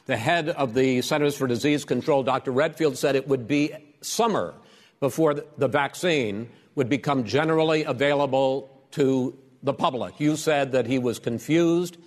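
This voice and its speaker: A man's voice: medium pitch, normal speed. Firm male moderator in a reverberant hall. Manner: firm, precise, cutting in to redirect. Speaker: debate moderator. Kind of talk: moderating a live debate. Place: debate hall.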